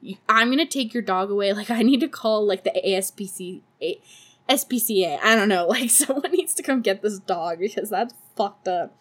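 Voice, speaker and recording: A woman's voice: medium pitch, normal speed, fairly bright tone, husky. A woman hosting a podcast, recapping a movie in casual chat with sarcastic, profane asides and frequent laughter. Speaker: podcast host.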